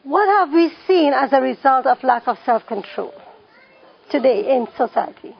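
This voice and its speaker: Teaching a parenting class, a woman asks the audience questions and repeats the key phrases to drive them home. Her high voice is animated, gravelly, and slightly rough at normal speed, and the highs are cut off.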